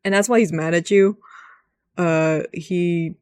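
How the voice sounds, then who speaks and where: Low-ish woman, dry close voice-over, rambling giggly game chat. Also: steady tone, slow pace, a little mellow, clean tone, no room sound. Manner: rambling, giggly, swears freely. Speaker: gaming video host. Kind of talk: casual gaming commentary.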